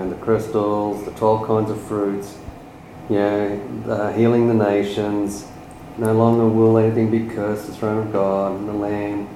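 A man with a somewhat low voice reads scripture aloud in a loose, chatty way. He sounds set back from the microphone in an echoey room, with clear background noise around him. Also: dark tone. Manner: casual, reads passages aloud in a loose, conversational way. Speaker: study group participant. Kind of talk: reading scripture aloud and commenting. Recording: echoey, noisy room, voice off-mic.

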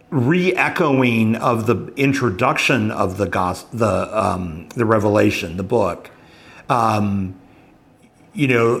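A man teaches a scripture passage at an unhurried, deliberate pace. His voice sits at an ordinary middle pitch, and he often pauses with fillers and restarts as he thinks aloud. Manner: thoughtful, halting, many "um"s and restarts. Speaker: Bible study leader.

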